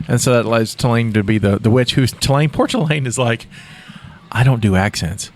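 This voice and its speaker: A man's voice: medium pitch, quick pace. A man hosting a casual podcast chat, telling stories with lots of laughter and acted-out quotes. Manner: animated storyteller, acts out quotes with laughs. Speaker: podcast host.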